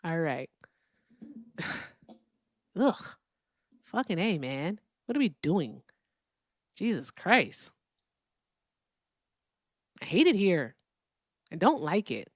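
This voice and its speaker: A woman in her thirties hosting a live call-in debate stream. She is blunt and profane, and her voice sits fairly low in pitch. The sound is dry and close. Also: big pitch swings, slow pace, pauses often, dry recording. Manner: blunt and profane, talking to chat. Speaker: livestream host.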